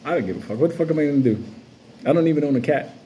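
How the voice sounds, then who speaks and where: A man's voice: on the high side, expressive, racing, dark tone, a little hiss or hum. Profane swaggering New man ranting. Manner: profane, loose, swaggering, jumps between stories. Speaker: crypto vlogger. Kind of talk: casual unscripted rant to camera.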